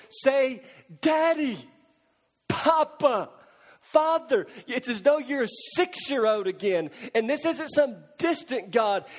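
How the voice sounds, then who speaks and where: A man preaching a sermon, impassioned, swinging from loud pleading cries to hushed, near-whispered lines. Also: very high-pitched, in a large hall. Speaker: pastor.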